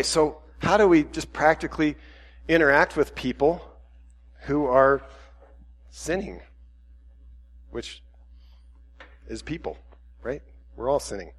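A middle-aged man preaching a casual, conversational sermon, often breaking off mid-thought and laughing between points. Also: on the high side. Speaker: pastor.

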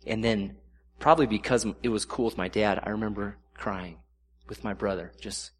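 A middle-aged man giving a sermon with a fairly low voice. He talks in an earnest, conversational way and slows down when he reads scripture aloud. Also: fairly even intonation, slight background noise. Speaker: preacher.

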